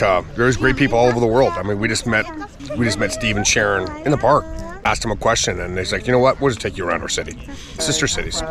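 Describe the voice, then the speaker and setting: A male travel vlogger talking casually on location at a scenic lookout, effusive and rambling, often exclaiming in wonder. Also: low voice. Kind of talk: casual on-location talk to camera.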